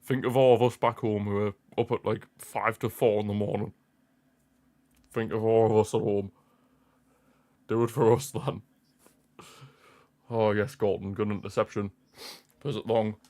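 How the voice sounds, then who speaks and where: A man's voice: fairly low pitch, flat delivery, normal speed, pauses often, dark tone. A young man hosting a football watchalong stream, anxious and pleading as he comments on the match live.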